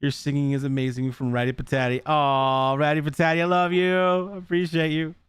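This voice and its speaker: A man's voice: on the high side, flat delivery, a little fast, clean tone, dry recording. A man hosting a casual podcast who rambles, swears freely and laughs often. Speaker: podcast host.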